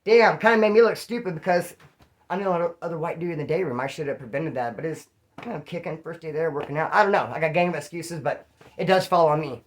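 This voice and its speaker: Speaking fast in a voice on the high side, a former inmate spins casual stories full of profanity and slang. He performs other people's lines as he tells them.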